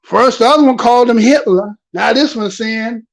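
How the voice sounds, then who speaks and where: A man giving casual vlog commentary on news clips, animated, repeating himself and firing off rhetorical questions. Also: sits high, a little fast, gravelly, highs cut off.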